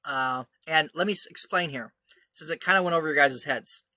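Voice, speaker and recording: Man, scornful commentary, sarcastic, bright edgy tone, close dry sound. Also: fairly high pitch, a little fast, dry recording. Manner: mocking, scornful, laughs often. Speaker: online commentator. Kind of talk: sarcastic commentary over screenshots; reading his own article aloud.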